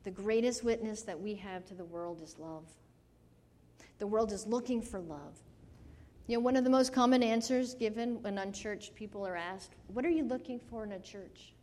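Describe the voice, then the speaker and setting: Woman, sermon storytelling, earnest, mellow tone, long hall reverb, faint room noise. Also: mid-range voice, moderate pace. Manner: earnest, rising to emotional intensity. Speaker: preacher.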